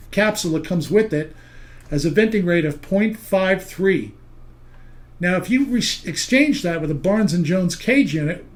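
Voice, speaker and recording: A man's voice: sits high, darkish tone. Folksy older man lecturing on steam. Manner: folksy storytelling, wry jokes to the audience. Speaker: seminar instructor on steam heating. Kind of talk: recorded seminar lecture.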